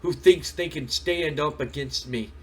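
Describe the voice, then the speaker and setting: A man voicing a tough, boastful male brawler who challenges everyone loudly. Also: on the high side, measured pace, breathy edge, far from the mic.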